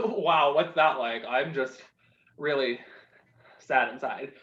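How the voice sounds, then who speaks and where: A man's voice: high-pitched, animated, measured pace, pushed and bright, roomy sound, dull audio, full character voice. A man playing a gloomy, whiny male dog in an online improv comedy scene. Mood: mopey. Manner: complaining, mopey.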